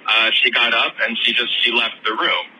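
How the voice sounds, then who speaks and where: Bright-voiced man calling in. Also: medium pitch, level tone, moderate pace, slight background noise, rough recording. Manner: rambling, many fillers and restarts. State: choked up. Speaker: caller. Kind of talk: telling a personal story.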